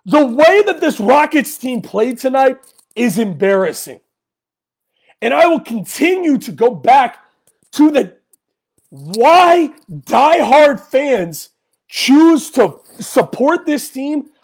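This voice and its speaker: A man hosting a sports podcast, delivering a heated fan rant and often yelling in anger. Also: very high-pitched, very animated, slow, husky. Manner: angry, yelling at times.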